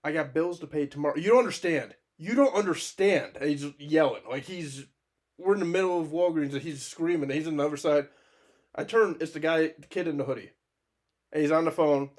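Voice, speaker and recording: A man spins a rambling story on a casual podcast, swearing freely and breaking into laughter as he goes. His voice sits a little on the high side for a man. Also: fairly quick. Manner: animated, profane anecdote-telling with laughs. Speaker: podcast co-host.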